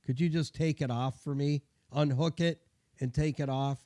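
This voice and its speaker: A man's voice: a little high, fairly even intonation, moderate pace, dark tone, no echo, clean studio sound. A middle-aged man, a mechanic telling a chatty, self-deprecating story and giving car care tips. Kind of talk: casual storytelling and advice.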